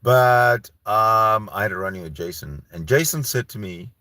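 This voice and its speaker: A man from Canada carries a long solo talk on his own channel, heated and full of swearing and false starts. His voice sits low, yet it swings widely in pitch and has a bright, forceful edge. The sound is dry and close. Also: expressive, normal speed, no room sound. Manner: heated, ranting, profane, with frequent restarts. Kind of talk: rambling solo livestream talk.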